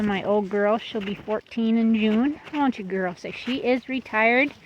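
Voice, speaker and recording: A woman talks casually through a tour of her dairy goats outdoors, recorded on a phone. Her voice sits in a middle pitch and the sound is a little dull and lo-fi. Goats are heard around her, and she slips into fond asides to the animals. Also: slight background noise. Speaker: goat breeder. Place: outdoors in a goat pen.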